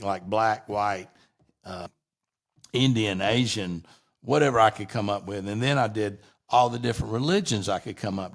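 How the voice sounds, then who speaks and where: A man's voice: lowish voice, gravelly. A middle-aged man, a guest on an interview show, telling long rambling anecdotes in a casual way and often restarting his sentences.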